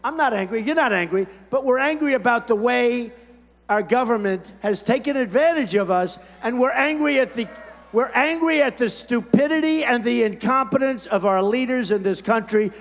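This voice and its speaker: A man's voice: very high voice, normal speed. A man in his seventies giving a campaign speech at a rally, in short, repetitive, boastful phrases. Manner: repetitive, punchy, boastful, shouting over a crowd. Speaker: political candidate at a rally. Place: large rally hall. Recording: long hall reverb from a big arena.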